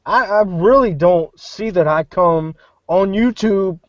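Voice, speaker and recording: Angry high-voiced man, dry lo-fi. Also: slow, dry recording. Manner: angry, profane, mocking others' words. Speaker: show co-host. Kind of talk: heated casual chat.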